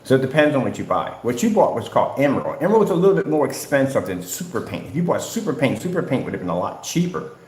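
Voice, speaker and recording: A man's voice: medium pitch, very animated, fast, darkish tone. A man on a livestream, confrontationally lecturing rivals in a repetitive ranting style. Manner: confrontational, lecturing, repeats "at the end of the day". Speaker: business owner ranting at rivals. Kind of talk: livestream rant. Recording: roomy echo.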